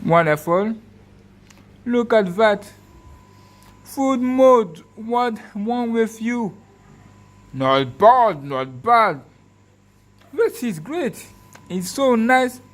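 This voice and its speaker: Excitable man whooping at a phone demo. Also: high-pitched, very slow, long pauses. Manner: speaks in short repeated commands. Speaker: tech video host.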